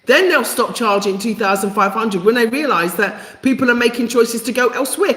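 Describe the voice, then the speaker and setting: A British woman from England with a Jamaican-inflected accent talks briskly and with few pauses on a live vlog, her voice on the high side and a bit bright. A vlogger and repatriation helper, she's chatty, blunt, and playfully outspoken, full of fillers and plain talk, in an echoey room with long reverb.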